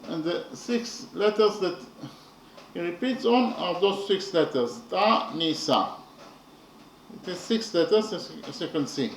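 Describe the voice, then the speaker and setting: A man teaching a lesson on poetry, speaking haltingly and often checking understanding. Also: sits high, animated, darkish tone. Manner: halting, repeats points with "okay?". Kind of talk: lecture on poetry. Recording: echoey room, mic at a distance, faint noise.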